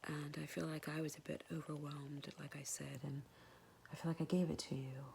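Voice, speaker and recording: A woman whispering a soft, hesitant, tender and apologetic personal message to her son, pausing often. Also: sits low, little pitch movement, vocal fry, a little hiss or hum. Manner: soft and hesitant, many pauses and fillers. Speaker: mother speaking to her son.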